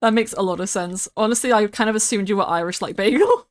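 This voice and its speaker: A woman's voice: medium pitch, fast talker. Giggly rambling young British woman. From United Kingdom. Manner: rambling, giggly, swears casually. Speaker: streamer. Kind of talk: casual chat while building in a game.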